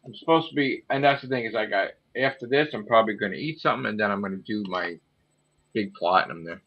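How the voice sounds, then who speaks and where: A man's voice: fairly low pitch, fast. A man chatting casually late at night, rambling and swearing freely. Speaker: channel host. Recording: muffled phone audio.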